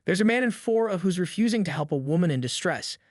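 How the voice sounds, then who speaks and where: A man's voice: high-pitched, animated, quick pace, dry recording, clean studio sound. A man voicing a pushy, entitled woman neighbor who talks in a theatrical, demanding way in a storybook reading. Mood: indignant.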